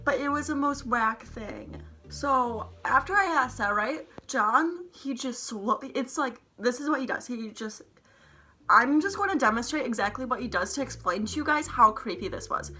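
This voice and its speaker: A woman's voice: a little high, lively intonation, moderate pace, bright, forceful tone. A young woman vlogger telling a heated storytime, rambling, swearing often and saying "like" a lot. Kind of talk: storytime vlog to camera.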